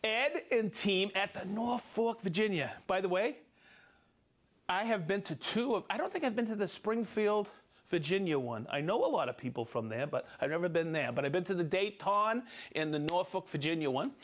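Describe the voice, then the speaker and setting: A man's voice: sits high, expressive, moderate pace. A man hosting a live tool show, chatting casually, demonstrating gear and cheerfully reading out viewer names. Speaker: show host demonstrating tools.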